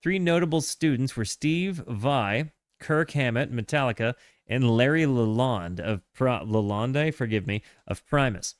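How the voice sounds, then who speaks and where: A man hosting a music reaction stream, reading notes aloud and chatting with his viewers, halting and full of fillers. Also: mid-range voice, expressive, no echo, studio quality. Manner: chatty, halting, with frequent fillers and self-corrections; hearty shout-outs to chat. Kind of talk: casual live-stream chat and reading aloud.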